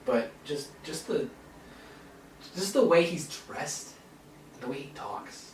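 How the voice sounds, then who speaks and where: A young man co-hosting a casual movie discussion, animated and quick to laugh, acting out lines as he talks. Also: on the high side, slight background noise. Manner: animated, laughing, swearing, acts out quotes. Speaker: podcast co-host. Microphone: camera mic. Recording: roomy, distant camera mic.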